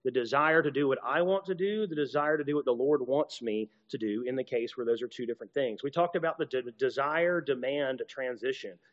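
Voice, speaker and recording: A man's voice: mid-range voice, brisk, hardly any pauses. A man giving a conversational teaching talk to a group, acting out short exchanges and often restarting his sentences. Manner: conversational, acts out little dialogues, many restarts. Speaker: preacher or teacher. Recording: dull, muffled sound with a long hall reverb.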